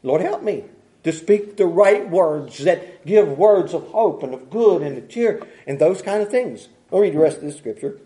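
A man's voice: sits high, expressive, normal speed, warm tone. A man preaching a sermon in a folksy, rambling way, often restarting his sentences and chuckling as he goes.

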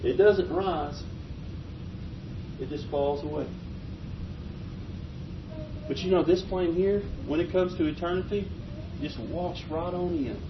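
High-voiced folksy preacher man, muffled. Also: slow, pauses often. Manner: folksy, animated preaching with chuckles. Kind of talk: sermon. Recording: muffled, low-fi with faint noise.

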